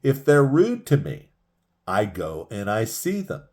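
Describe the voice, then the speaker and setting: Emphatic male sales trainer, fairly low voice, drives points home by repetition. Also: wildly swooping pitch, a little slow, darkish tone. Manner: emphatic, repeats key phrases for punch. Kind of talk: motivational sales talk.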